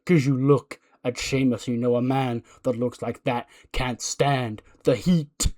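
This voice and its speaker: A man voicing a male cult-leader wrestler who speaks in a drawn-out, sermon-like, menacing way. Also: mid-range voice, steady tone, a little mellow, close to an everyday voice.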